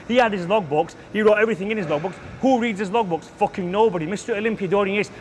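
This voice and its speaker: Brash swearing gym coach. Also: male voice, high-pitched, quick pace, a little mellow, slight background noise. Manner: brash, profane, lecturing. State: out of breath between sets. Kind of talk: blunt gym tutorial with heavy swearing.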